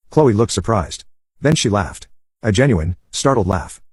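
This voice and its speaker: A man's voice: lowish voice, expressive, a little slow, husky, dry recording, studio quality. A man narrating an online story in a wry, sardonic scripted tone.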